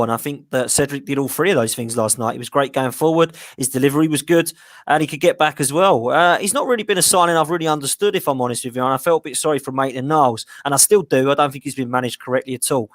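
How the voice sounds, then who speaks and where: A man's voice: mid-range voice, fast, fairly bright tone, dry recording. A man co-hosting a football podcast, giving emphatic, opinionated views in casual chat. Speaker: podcast co-host.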